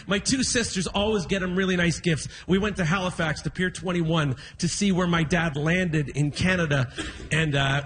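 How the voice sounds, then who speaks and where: A male stand-up comedian with a high, bright, ringing voice tells a story on a music hall stage. He is animated, acting out the people in his story as he goes. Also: a little hiss or hum. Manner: animated storyteller, acts out quotes.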